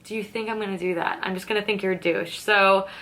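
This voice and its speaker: A woman's voice: medium pitch, steady tone, quick pace, pushed and bright. A young woman chatting to camera as a beauty vlogger while doing her makeup, telling a dating story in a candid, sarcastic way, swearing freely and acting out both sides of the conversation. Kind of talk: casual chatty get-ready-with-me storytelling.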